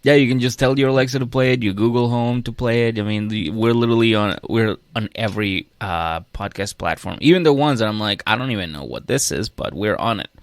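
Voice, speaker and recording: A man's voice: mid-range voice, brisk, few pauses, clear, resonant tone, no echo. A man co-hosting a casual comedy podcast, rambling with restarts and acting out quotes. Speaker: podcast co-host. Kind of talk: casual chat.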